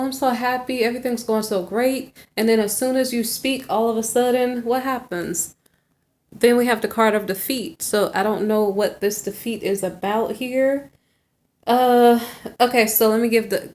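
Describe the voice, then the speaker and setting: A woman's voice: mid-range voice, a little mellow. A woman reading tarot cards in a chatty, thinking-aloud way, sometimes acting out snippets of girl talk. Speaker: tarot reader. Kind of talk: casual tarot reading monologue.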